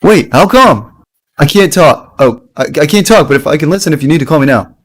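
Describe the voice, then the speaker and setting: A man doing a flat, understated young student. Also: fairly quick. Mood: deadpan. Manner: low-key, flat, understated. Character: understated young male friend at university. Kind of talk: comic reenactment of chat logs.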